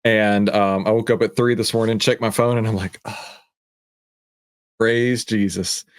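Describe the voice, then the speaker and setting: A middle-aged man hosts a casual livestream, chatting excitedly and reading viewer comments aloud. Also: lowish voice, a little fast, clean tone, dry recording. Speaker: show host.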